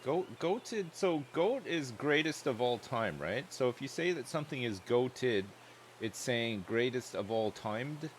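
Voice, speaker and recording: A man's voice: medium pitch, lively intonation, a little slow, a little hiss or hum. A man chatting loosely and joking while livestreaming a game, rambling from one thought to the next. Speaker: streamer.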